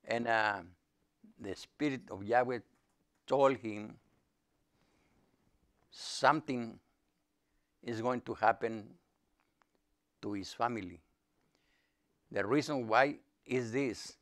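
Slow, halting man retelling a story. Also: medium pitch. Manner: halting, with broken English grammar and many pauses. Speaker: lay speaker. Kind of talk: retelling a Bible story to a group.

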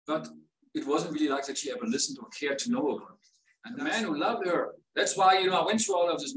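A man's voice: fairly high pitch, fairly bright tone. A man talking through his pain in a rambling, emotional personal monologue as a vlogger. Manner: pained, rambling, rising to upset outbursts. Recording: roomy sound from a distance.

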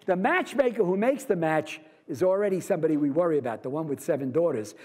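A man gives a lively university literature lecture, posing rhetorical questions to his class. He speaks fast in a slightly high voice.

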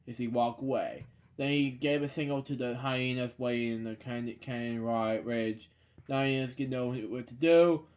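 A man reading a children's storybook aloud, stumbling over words and dropping sarcastic deadpan asides. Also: mid-range voice, unhurried.

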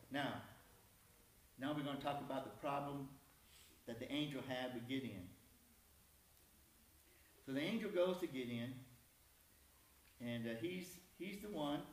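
A man's voice: medium pitch, slight background noise. A man preaching a conversational sermon in a church, folksy and self-deprecating. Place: church sanctuary. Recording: echoey church hall from far off.

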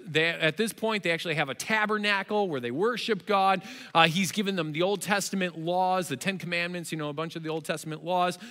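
Animated, high-voiced male preacher. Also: long reverb tail. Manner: animated storytelling, acts out characters. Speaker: pastor. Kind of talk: sermon. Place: church auditorium.

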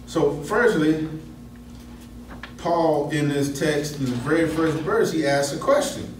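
A man leads a Bible class in a conversational way, pausing to check in with his listeners. He sounds set back from the mic in a very echoey room. A faint hum of room ambience sits behind him. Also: a little high, distant mic. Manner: conversational, asks the class questions. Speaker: Bible study teacher. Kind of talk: teaching a Bible lesson.

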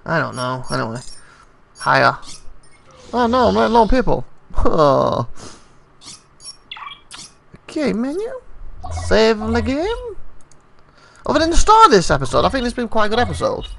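Man, let's play host, casual commentary, gravelly voice, lively swooping pitch, noisy recording. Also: normal speed, pauses often. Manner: thinks aloud, asks viewers questions.

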